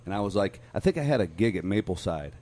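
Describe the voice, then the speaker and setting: Man, low voice, podcast co-host, laid-back, dry humor. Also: lively intonation, fast talker, dark tone. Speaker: podcast co-host, singer-songwriter. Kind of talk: casual chat.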